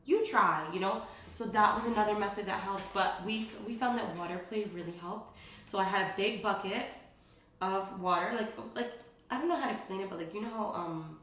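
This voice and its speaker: A woman's voice: medium pitch, fairly quick, a bit bright, a little hiss or hum. A young woman and mother giving casual, earnest parenting advice in a chatty vlog, rambling with many fillers. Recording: roomy echo.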